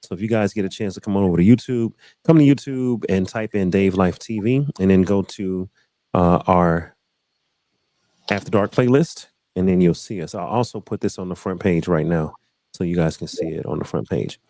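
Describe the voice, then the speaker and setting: Casting: low-voiced man hosting a relaxed panel talk, repeats himself, dry close mic. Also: normal speed, no room sound. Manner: loose, repeats phrases, says y'all. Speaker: host. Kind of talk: casual panel chat.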